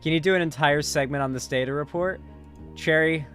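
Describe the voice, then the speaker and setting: A man's voice: on the high side, fairly quick, a bit bright, soft background music. A young man hosting a casual live commentary stream, loose and rambling, swearing casually and tagging his lines with questions.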